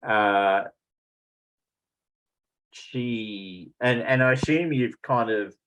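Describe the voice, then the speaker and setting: A man running a tabletop game as game master, relaxed and chatty, with frequent ums. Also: mid-range voice, drawn-out words, highs cut off.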